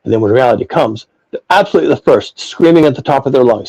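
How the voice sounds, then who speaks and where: A man talks through a philosophical discussion with blunt, profane emphasis. His voice is mellow and dark, with a husky, slightly rough texture. He circles back and repeats phrases as he drives each point. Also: mid-range voice, expressive, fast, poor audio. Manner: emphatic, profane ranting with repetitions. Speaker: podcast host.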